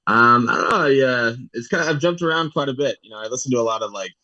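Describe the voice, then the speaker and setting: A man's voice: mid-range voice, quick pace, bright, forceful tone, dry recording, dull audio. A young man, a guest on a radio show, answering casually and hesitantly with lots of "like" and "um". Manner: hesitant, filler-heavy with "like" and "um".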